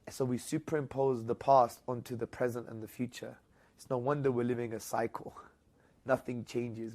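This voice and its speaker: A man with a British accent, a guest in an interview, telling a story with lively energy and rising, loud bursts when he quotes people. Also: medium pitch.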